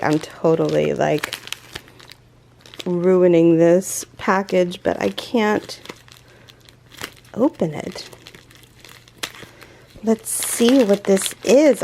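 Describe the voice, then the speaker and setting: Slight background noise sits under this mid-range female voice. She runs a crochet channel and rambles through a casual unboxing vlog, excitable and gushing, full of fillers and false starts.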